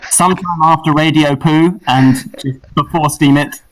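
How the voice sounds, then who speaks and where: A man's voice: fairly high pitch, steady tone, normal speed. Guy guesting on a podcast, jokey and dry humored, a bit far from the mic. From England. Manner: playful, joking, self-deprecating. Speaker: guest, songwriter. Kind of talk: casual chat.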